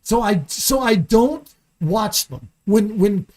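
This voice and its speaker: A guest on a studio podcast launches into an angry, profane rant in casual conversation, repeating words and often restarting his sentences. His high-pitched voice is animated, and he takes it slowly.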